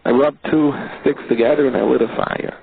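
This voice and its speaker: A man voicing a frightened, ashamed man who haltingly confesses a sin within a sermon story. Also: mid-range voice, steady tone, gravelly, lightly acted. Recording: tinny phone-like audio.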